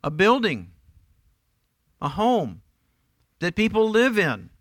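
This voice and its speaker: Middle-aged male pastor, bright and slightly high voice, emphatic sermon delivery, dry sound. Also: huge pitch swings, slow pace, no echo. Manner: emphatic, asks the congregation rhetorical questions. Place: church.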